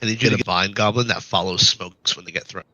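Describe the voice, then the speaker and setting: Hoarse man calling a match. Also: deep voice, steady tone, fast, sharp tone, no room sound, dull audio. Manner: wry, talks to the audience between calls. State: hoarse from being sick. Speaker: esports caster. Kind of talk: live play-by-play commentary.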